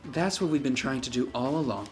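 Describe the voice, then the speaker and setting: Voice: mid-range voice, expressive, a little fast, faint music behind. A let's play host reading game dialogue aloud, with jokey asides between lines.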